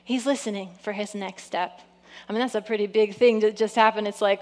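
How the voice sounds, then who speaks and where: A woman preaching a sermon with a slightly high voice. She reads scripture aloud and breaks into lively asides. She acts out the people in the story, moving between loud, punchy lines and hushed, slow ones. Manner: lively preaching, acts out quotes, frequent "come on". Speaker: pastor.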